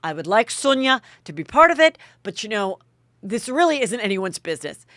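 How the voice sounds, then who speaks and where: A woman's voice: medium pitch, sing-song, normal speed, fairly bright tone, no echo, clean studio sound, pitched above the performer's own voice. A woman doing an impression of a haughty, defensive woman entertainer.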